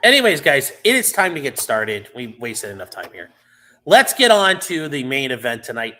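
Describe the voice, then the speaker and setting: A man chatting loosely on a livestream, his bright, sharp voice bouncing all over in pitch. He rambles through viewer comments with plenty of fillers and the odd swear word, close to the mic. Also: wildly swooping pitch, normal speed. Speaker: livestream host. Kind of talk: casual livestream chat answering viewers.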